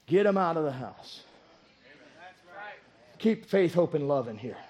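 A man preaching a sermon, moving between low storytelling and shouted exhortation. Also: very animated, measured pace.

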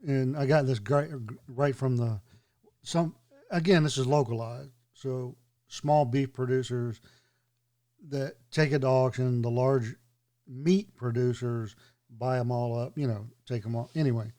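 A man's voice: medium pitch, measured pace, dark tone. A man in casual podcast chat, telling stories with a wry, sarcastic edge.

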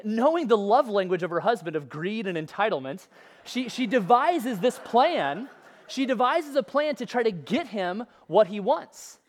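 A preacher delivering a sermon in a relaxed, conversational way, retelling a scripture story. The voice sits at a middle pitch but swings up and down with real animation. Playful asides break up the storytelling.

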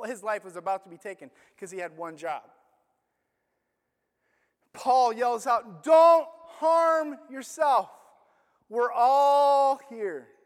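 Man, preacher, sermon, animated casual storytelling, very high voice, long hall reverb. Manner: animated conversational storytelling with "like" fillers.

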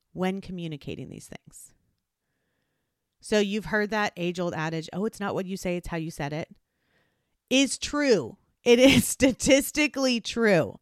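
A woman's voice: medium pitch, no room sound, studio quality. A woman hosting a solo advice podcast, talking earnestly and acting out different tones of voice. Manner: earnest, animated, acts out tones of voice. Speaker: podcast host.

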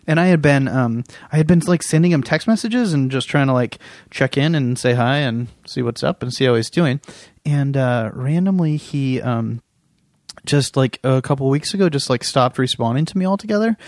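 A man's voice: medium pitch, animated, moderate pace, a little mellow, dry recording, studio quality. A man in his thirties co-hosting a casual podcast, rambling with restarts and frequent laughs. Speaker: podcast co-host.

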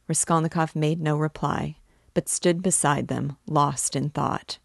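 A slow, gravelly woman reading a novel. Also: low voice, fairly even intonation, no echo, studio quality. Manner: measured, deliberate narration. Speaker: book reading guide. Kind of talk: audiobook-style literary reading.

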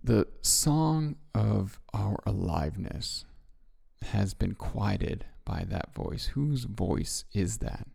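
A man hosting a reflective self-help talk, speaking gently and musing with soft laughs. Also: on the low side, animated, slow pace, creaky, breathy edge. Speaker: podcast host.

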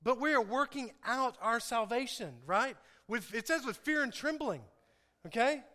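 A man's voice: extremely high pitch, animated, moderate pace, bright, forceful tone. A man preaching a sermon, playful and chatty with his congregation, laughing often. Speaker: pastor. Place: church sanctuary. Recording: echoey hall.

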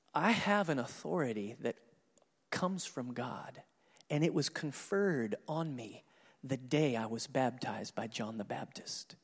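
A man preaching a sermon, walking through a scripture passage and acting out the characters' lines in an animated way. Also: fairly high pitch, long reverb tail. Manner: animated, acts out scripture dialogue with laughs. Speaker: pastor.

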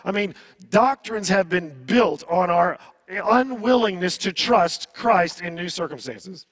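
A man with a notably high voice preaches a sermon in an easy, conversational way. He asks rhetorical questions and speeds up or slows down to stress a point. His voice sounds close and dry, with no room echo. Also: fairly bright tone. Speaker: pastor.

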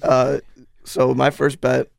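Young male co-host, very gravelly strained voice, flat delivery, quick wisecracks. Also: medium pitch, no echo, studio quality. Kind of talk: casual sports picks chat.

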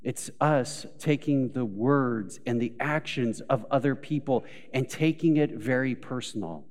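A man preaches in a church at an unhurried, deliberate pace, and his voice carries a long hall reverb. He tells everyday stories, acting out the lines of the people in them, and swings from quiet, low phrases up to loud, emphatic peaks. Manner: storytelling with acted quotes, rising to emphatic peaks. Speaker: pastor. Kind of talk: sermon. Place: church sanctuary.

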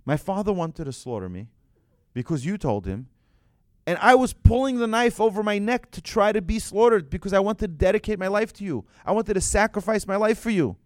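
A man's voice: medium pitch, big pitch swings, normal speed, mellow, no room sound, studio quality, close to an everyday voice. A man voicing a devoted son who urgently pleads his case. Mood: urgent pleading. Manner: urgent, emphatic.

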